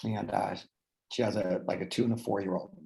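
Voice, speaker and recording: Man, low voice, gravelly, casual storytelling guest, animated, keeps asking right?. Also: fairly quick, low-quality recording. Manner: animated, lots of restarts and "right?" tags. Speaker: guest speaker.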